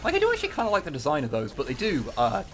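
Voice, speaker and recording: A man's voice: fairly high pitch, huge pitch swings, rapid-fire, a bit bright, a little hiss or hum. A man streaming a game, chatting casually with a co-host, rambling and swearing, with lots of fillers. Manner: rambling, profane, full of fillers. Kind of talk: casual gaming chat.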